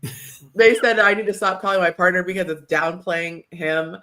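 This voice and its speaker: Bright-voiced woman hosting a chat show. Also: on the low side, brisk. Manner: chatty, self-deprecating, laughs between thoughts. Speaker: podcast host. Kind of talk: casual chat.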